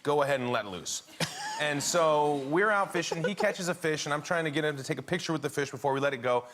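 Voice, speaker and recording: A man's voice: a little high, animated, fast, noisy background. A man who is a talk show guest, chatting casually and telling an anecdote with frequent laughter in a TV studio. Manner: laughing often while telling a story. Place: TV studio with audience.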